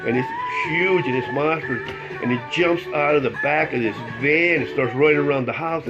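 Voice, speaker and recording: Rambling man telling a joke, lo-fi. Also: fairly high pitch. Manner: rambling, acts out voices, laughs at own jokes. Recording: dull lo-fi recording with music. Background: music.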